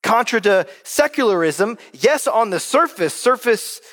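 Male pastor, high voice, casual conversational sermon, church sanctuary with long reverb. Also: lively intonation, unhurried, a bit bright. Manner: conversational preaching, addressing the congregation as guys.

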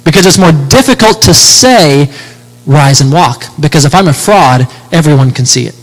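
Man, preacher, high voice, sermon, rhetorical questions, long hall reverb. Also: expressive. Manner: expounding scripture with rhetorical questions, slowing for emphasis.

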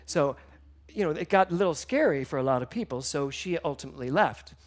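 A man giving a sermon, telling stories with emotion, moving between hushed and loud passages. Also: fairly high pitch, animated, a little fast. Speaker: minister.

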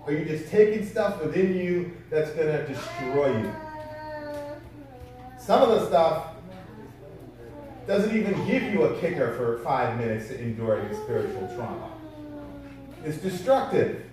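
A man's voice: fairly high pitch, very animated, a little slow, long pauses, darkish tone, distant mic. Male preacher in a very echoey hall. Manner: conversational storytelling preacher, rhetorical questions. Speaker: pastor. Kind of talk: sermon.

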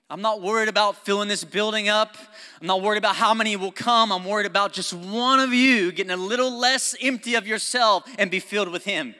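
Passionate pastor preaching in an echoing church. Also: male voice, high voice, brisk, smooth. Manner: passionate, swings from loud exhortation to quiet intimate talk; laughs often, conversational asides to the congregation. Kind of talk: sermon. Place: church sanctuary. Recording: long reverb of a church hall.

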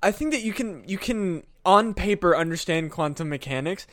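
A man co-hosting a podcast, ranting in excitable, profane casual chat. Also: sits high, normal speed, no room sound. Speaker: podcast co-host.

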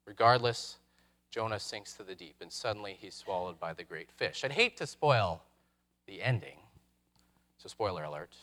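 A man preaching a sermon, reflective, posing rhetorical questions with dramatic pauses. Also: on the low side, animated, bright, forceful tone. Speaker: pastor.

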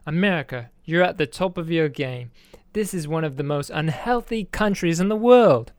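Man doing an English accent, earnest male chef giving a speech, measured, fairly high voice, dry sound. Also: animated, clear, resonant tone, no room sound, close to an everyday voice. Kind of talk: quoting a speech in a put-on accent.

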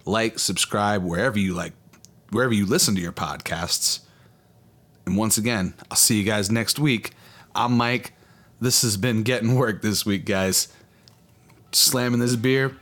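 A man's voice: lowish voice, a little slow, long pauses, fairly bright tone. A young man hosting a casual solo podcast, laid-back and rambling, swearing freely as he talks. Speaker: podcast host.

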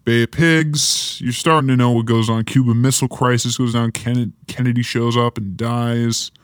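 Flat and mid-range, this man's voice moves at a moderate pace as he hosts a podcast. He reads a history timeline, breaking off for joking asides, in a studio-quality recording with no room sound.

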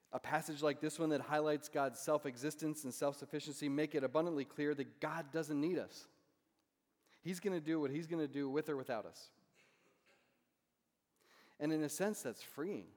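A male pastor delivers a sermon in a relaxed, conversational manner, tagging his points with a questioning "right?" His voice sits in an ordinary middle register. A long reverb trails behind him, as if he is speaking in a large sanctuary. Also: mid-range voice. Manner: conversational, asks "right?" often.

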